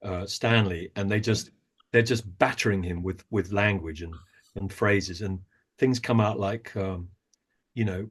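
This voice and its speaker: A man's voice: fairly low pitch, unhurried, husky. A man, an actor and director, speaking as a podcast guest, talking at length in a thoughtful, storytelling way. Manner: thoughtful storyteller, talks at length with many small restarts. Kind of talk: interview conversation.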